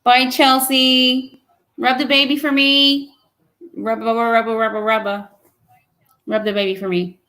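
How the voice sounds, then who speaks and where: Woman, young adult, playful, teasing, laughs a lot, slow unhurried talk, slightly high voice. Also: flat delivery, sharp tone. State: pregnant. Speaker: livestream host reading chat. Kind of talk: casual live chat.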